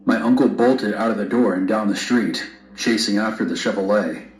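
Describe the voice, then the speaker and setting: Low-voiced man narrating a story. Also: moderate pace, faint music behind. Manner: blunt, wry storytelling. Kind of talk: first-person story narration. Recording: roomy narration played back.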